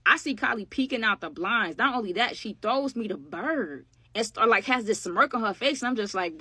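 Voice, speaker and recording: A woman's voice: on the high side, animated, normal speed, few pauses, bright, forceful tone, breathy edge, no room sound. A woman telling a storytime tale to her viewers in a chatty, slangy way, calling them y'all, with dry sarcastic asides. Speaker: storytime vlogger. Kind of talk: casual storytime narration.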